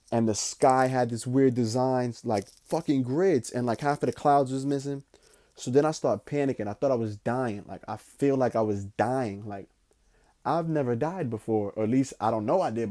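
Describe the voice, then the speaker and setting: Young male podcast host, mellow voice, animated profane storyteller with lots of fillers. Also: mid-range voice. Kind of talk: casual storytelling.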